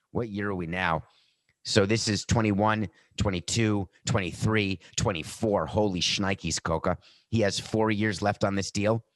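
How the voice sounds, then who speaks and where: Animated man hosting sports talk. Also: lowish voice, no room sound. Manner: animated, tangents and jokey asides. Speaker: podcast host.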